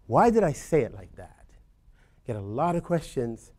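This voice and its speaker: A man with a fairly high voice gives an informal lecture to a class of agents. He rambles between points and keeps checking in with "right?", talking over a video call. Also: very animated, normal speed, dark tone. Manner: conversational, rambling, says "right?" often. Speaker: real estate instructor.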